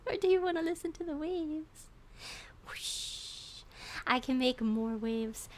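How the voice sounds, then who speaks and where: Giggly, nervous high-voiced woman streamer. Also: lively intonation, moderate pace. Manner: giggly and nervous, repeats greetings. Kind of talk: casual livestream chat.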